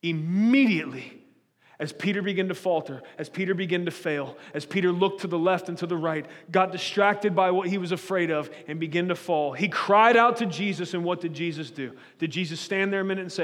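A man's voice: sits high, brisk, a bit bright, long reverb tail. A man preaching a sermon as pastor, earnest and pleading, often restarting and repeating words as he builds his point.

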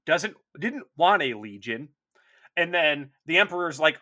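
A man's voice: fairly high pitch, lively intonation, unhurried, sharp tone. A man co-hosting a podcast in casual chat, rambling, profane and enthusiastic. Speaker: podcast co-host.

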